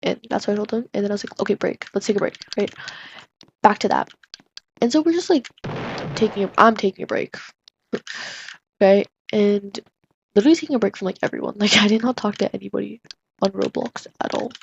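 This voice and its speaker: A woman's voice: medium pitch, a little fast, creaky, pauses often. A woman telling a story casually to camera, rambling and chatty with constant "like" fillers. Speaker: vlogger. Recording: dull lo-fi audio with faint hiss.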